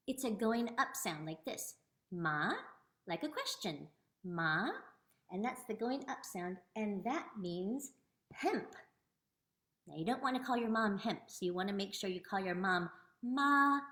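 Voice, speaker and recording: A woman author teaching children a language lesson and reading her book, drawing out words slowly so they can follow. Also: mid-range voice, reverberant. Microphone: video call.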